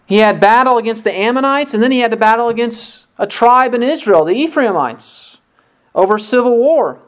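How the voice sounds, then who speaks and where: A preacher delivers an expository sermon, moving through a Bible passage verse by verse. The voice sits at an ordinary middle pitch, and now and then the preacher briefly acts out the dialogue of the people in the story. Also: expressive, normal speed.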